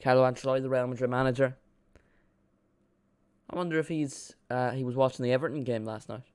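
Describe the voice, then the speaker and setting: A man streaming a live watchalong, giving casual, excitable play-by-play and chatting with his viewers, joking at his own expense. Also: medium pitch, fast talker, smooth, dry recording. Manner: chatty and excitable, jokes about himself.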